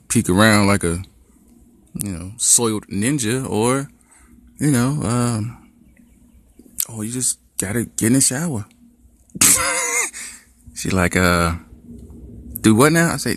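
A middle-aged man with a low voice tells a story in a relaxed, conversational way, jumping into higher voices to act out the dialogue. The sound is close and dry, with no room echo. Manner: animated storyteller who acts out quoted dialogue. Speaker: podcast host. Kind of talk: casual storytelling.

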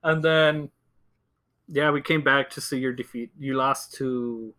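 A young podcast co-host with a mid-range, unhurried voice tells a story during casual chat. His storytelling is animated, full of laughter and acted-out quotes.

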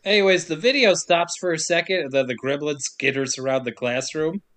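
Male co-host, slightly higher voice, casual comedic movie recap with goofy character voices. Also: a bit bright. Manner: jokey, slips into quick silly voices for characters. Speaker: podcast co-host recapping a film.

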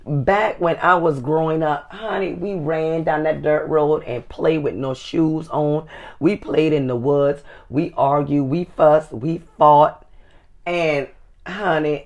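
A woman's voice: deep voice, a little mellow. A middle-aged woman co-hosting a casual advice show, folksy and calling people "honey". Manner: folksy, says "honey" often, slow and drawn out. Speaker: co-host.

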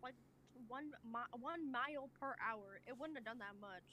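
Sheepish high-voiced young woman rambling. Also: moderate pace, pushed and bright. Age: young adult. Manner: rambling and sheepish, heavy use of 'like'. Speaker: guest. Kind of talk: casual chat.

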